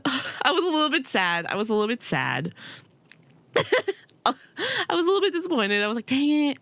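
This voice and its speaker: A woman's voice: high-pitched, brisk, creaky, no room sound. A young woman streaming a game, chatting casually and telling stories with lots of giggles. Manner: giggly, animated storytelling with frequent laughter. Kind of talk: casual chat while gaming.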